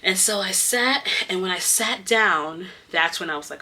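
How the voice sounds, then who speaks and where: A woman who teaches kindergarten tells a story in a casual, animated vlog and speaks straight to her viewers. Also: normal speed, few pauses. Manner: animated, emotional retelling with big swings in pitch; casual, addresses viewers as y'all.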